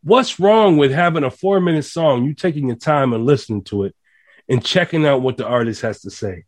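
Animated male radio host. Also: medium pitch, fairly quick. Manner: animated, preachy rants with rising emphasis. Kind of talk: casual radio interview.

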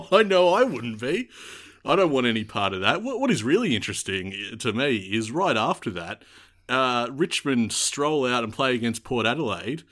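Animated Australian man, laughing sports banter. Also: medium pitch, normal speed. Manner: jokey, laughs often, animated. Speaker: podcast co-host. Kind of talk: casual sports chat.

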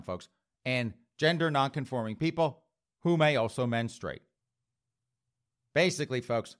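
A man's voice: medium pitch, a bit bright. Sarcastic ranting male talk host. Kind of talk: opinion talk show commentary.

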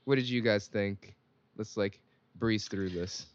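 A man's voice: lowish voice, unhurried. A man hosting a casual podcast chat, laid-back and rambling with many fillers, from Singapore. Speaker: podcast host. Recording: dry, dull lo-fi audio.

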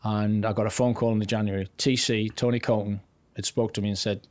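A man's voice: on the low side, flat delivery, a little fast, a little mellow, no room sound. An older man, a former goalkeeping coach, telling stories of his career as a guest on a podcast. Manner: anecdotal, recounts career step by step. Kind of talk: relaxed storytelling interview.

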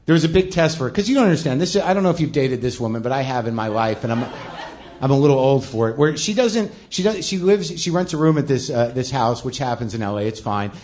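A middle-aged man with a mid-range, slightly mellow voice talks fast with lively intonation while hosting a live comedy show. His club stand-up rambles along, self-deprecating and thick with swearing.

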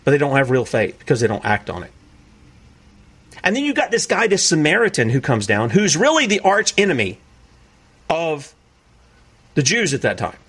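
A man preaching commentary on played clips in an incredulous, animated way, often acting out other people's voices. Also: on the high side, normal speed, pauses often, breathy edge.

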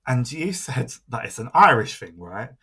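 A man's voice: mid-range voice, very animated, moderate pace, bright, forceful tone, breathy edge. A young man co-hosting a podcast in casual chat, gossipy and laughing often as he retells stories. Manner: gossipy, laughs often, quotes friends in raised voice. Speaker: podcast co-host.

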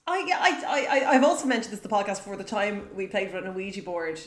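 A woman's voice: medium pitch, animated, fast, echoey room, over a noisy crowd. A woman co-hosting a podcast, telling stories in casual chat and laughing often. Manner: chatty storytelling, laughs often. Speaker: podcast co-host.

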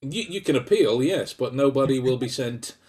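A man's voice: mid-range voice, expressive, moderate pace, a little mellow. A man co-hosting a podcast in casual comedic chat, jokey and self-mocking, rambling with restarts. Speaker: podcast co-host.

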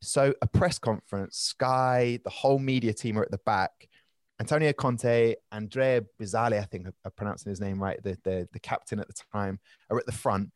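Animated man telling stories, dry close sound. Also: fairly low pitch, no echo. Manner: animated, rambling anecdotes with restarts and quick asides. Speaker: podcast guest. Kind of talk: casual storytelling chat.

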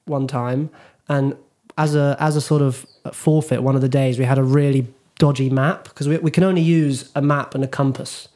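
A man's voice: mid-range voice, fairly even intonation, moderate pace, mellow. A young man from Britain hosting a podcast, telling rambling stories in casual chat with many fillers and restarts. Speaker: podcast host.

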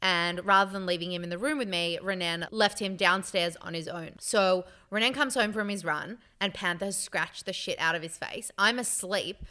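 A young woman co-hosting a casual podcast chat, telling stories in an animated way and acting out the quotes. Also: on the low side, moderate pace, hardly any pauses. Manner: animated storyteller, acts out quotes. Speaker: podcast co-host.

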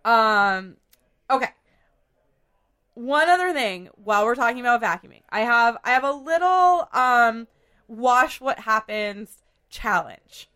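A woman hosting a podcast in a casual chat, hoarse from a cold, chatty and full of fillers. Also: a little high, expressive, slow pace, bright, forceful tone. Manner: chatty, filler-heavy, laughs often. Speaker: podcast host.

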